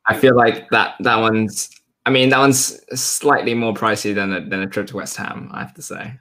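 A man's voice: on the low side, steady tone, normal speed, pushed and bright. A man hosting a casual sports interview, talking with frequent ums and restarts. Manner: hesitant, lots of ums and restarts. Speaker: host.

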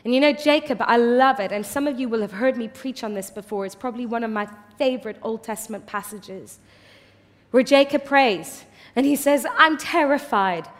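A woman pastor preaching a passionate sermon in a large church hall, swinging from hushed tones to loud declarations. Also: fairly high pitch, a little fast. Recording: long hall reverb.

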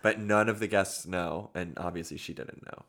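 A man's voice: deep voice, moderate pace. A young man co-hosting a podcast, telling a story with plenty of laughter. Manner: animated, laughs often while telling a story. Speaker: podcast co-host. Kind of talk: casual chat, storytelling.

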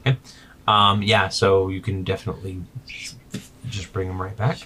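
A man with a fairly low voice runs a tabletop game as game master. He narrates haltingly and pads his scene-setting with fillers. A faint hiss sits under the recording. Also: flat delivery. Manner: halting, filler-heavy narration with soft asides.

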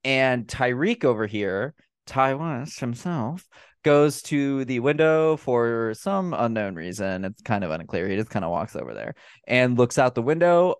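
Profane, animated male podcast host. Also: mid-range voice, unhurried, clean tone, dry recording, clean studio sound. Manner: profane, animated retelling of scenes. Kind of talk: casual film review chat.

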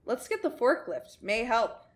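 A woman's voice: fairly high pitch, very animated, a little slow. A woman voicing a male scrapyard coworker who speaks casually and calls his friend "mate", read aloud from a story. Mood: easygoing.

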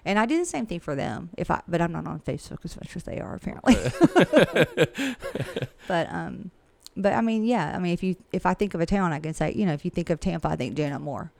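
Frank, chatty woman with a gravelly voice. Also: on the low side, big pitch swings, brisk, a little mellow, no echo. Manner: chatty and frank, with laughs and asides. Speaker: real estate agent and coach. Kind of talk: casual conversational interview.

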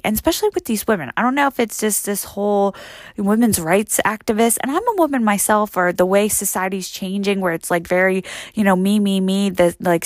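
A woman's voice: medium pitch, no room sound. A young woman in a casual rant, swearing often and filling her talk with "like", heated and exasperated. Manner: profane, fills speech with "like". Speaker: vlogger.

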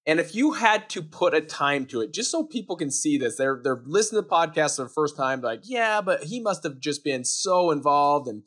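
A man hosting a podcast interview, energetic and hyping up his guest. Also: a little high, moderate pace, few pauses. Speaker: podcast host.

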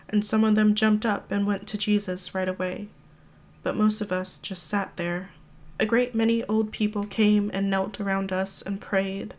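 A woman reads a memoir excerpt aloud for a podcast. Her delivery stays level, with little rise and fall in pitch. The reading is calm and measured. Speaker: podcast reader.

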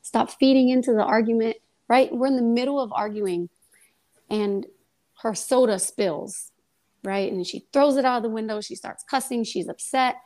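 Young woman, podcast guest, casual testimony, lively storytelling, a bit high-pitched. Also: normal speed. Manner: lively storytelling, acts out quoted dialogue.

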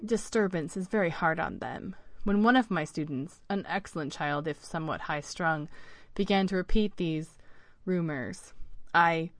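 A woman voicing a worried, polite female elf schoolteacher who speaks softly and quietly. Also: lowish voice, normal speed, no echo, close to an everyday voice.

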